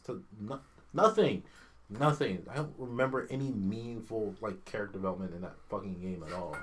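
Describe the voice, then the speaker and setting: A man's voice: lowish voice, a little fast. A man ranting about a video game. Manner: ranting, profane, exasperated, mocking impressions. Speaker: podcast co-host. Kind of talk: casual chat.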